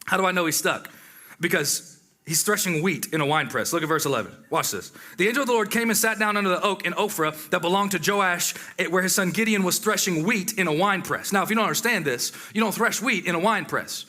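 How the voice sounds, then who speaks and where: Bright high-voiced energetic male preacher. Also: fast talker. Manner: energetic, conversational preaching with exclamations. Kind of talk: sermon.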